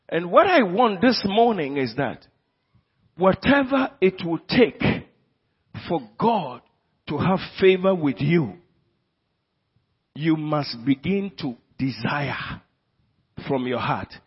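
A Ghanaian man delivering a sermon in a high, sweeping voice with a husky edge. He preaches slowly and emphatically, firing questions at his congregation. The recording is dull and lo-fi, with long reverb from the church hall. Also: expressive. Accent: Ghanaian English. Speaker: pastor.

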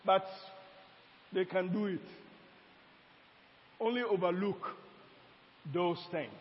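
A man's voice: high voice, slow pace, slight background noise. A man preaching a sermon as pastor, mixing teaching with asides to the congregation. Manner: preaching with call-and-response asides and laughter. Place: church hall. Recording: dull sound with long hall reverb.

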